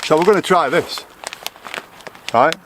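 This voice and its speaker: Slightly high and slightly slow, this man's voice comes through a noisy background. The Lancashire vlogger rambles on in a relaxed garden video, often correcting himself.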